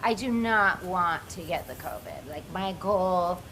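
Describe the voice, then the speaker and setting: A woman comedian from the United States chats casually as a guest, joking in a rambling, self-deprecating way. Her voice sits on the low side and is expressive, with a measured pace, and there's background noise.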